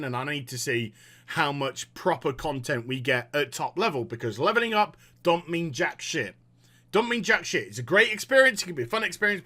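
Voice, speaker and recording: High, lively man ranting. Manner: exasperated, profane, sarcastic. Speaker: gaming vlogger. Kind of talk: ranting reaction commentary.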